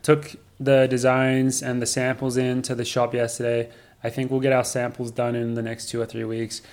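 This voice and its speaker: A man's voice: mid-range voice, monotone, normal speed, a little mellow. A young man hosting a casual podcast in a studio, joking and laughing easily as he talks. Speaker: podcast host.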